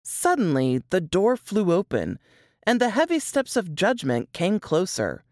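A woman author reading her own dark fiction aloud in an expressive, measured way, on a close mic. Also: medium pitch, no echo.

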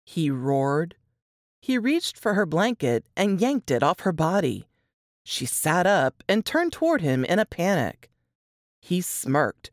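A woman with a low voice reads her own story, lingering over each phrase. Her delivery is expressive, with lively swings of pitch, and the recording is close and dry. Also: slow, dry recording. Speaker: author reading her story. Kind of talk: dramatic fiction reading.

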